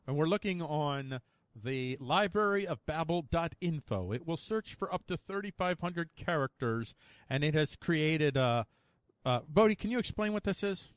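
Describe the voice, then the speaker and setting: A man hosting a casual podcast chat, excitable and quick to laugh, reading things aloud playfully. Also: on the high side, dry recording, studio quality. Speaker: podcast host.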